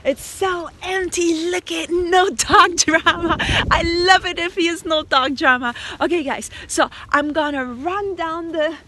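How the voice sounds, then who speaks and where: A woman vlogging in an open park outdoors who calls out loudly and laughs often. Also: very high voice, fairly even intonation, measured pace, hardly any pauses, slight background noise. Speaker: vlogger with a pet parrot. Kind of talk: casual outdoor vlog.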